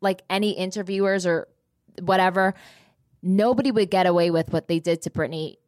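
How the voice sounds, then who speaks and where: A woman's voice: fairly low pitch, fairly even intonation, fairly quick, a little mellow, dry recording, clean studio sound. A woman co-hosting a casual podcast, gossipy and laughing often, swearing freely. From Texas. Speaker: podcast co-host. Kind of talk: casual chat and ad reads.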